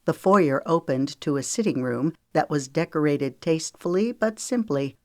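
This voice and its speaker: A woman narrating a romance audiobook in a calm, measured way. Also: sits low, no echo, clean studio sound. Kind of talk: scripted narration.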